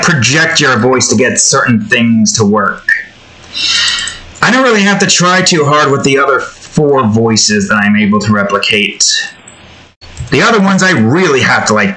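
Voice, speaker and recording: A man with a bright, forward voice talking his way through a drawing session. His chat is loose and improvised, wandering off into asides and poking fun at himself, all at a middling pitch. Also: poor audio. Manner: rambling, improvised, self-deprecating chat. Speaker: YouTube artist. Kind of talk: casual commentary while drawing.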